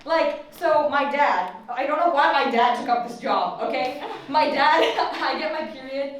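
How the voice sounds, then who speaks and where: A woman's voice: high voice, a little slow, slight background noise. Young woman doing stand-up in an echoey room. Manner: chatty, profane, laughs at her own lines. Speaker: stand-up comedian. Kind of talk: stand-up comedy set. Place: student comedy open mic. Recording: echoey room, far from the mic.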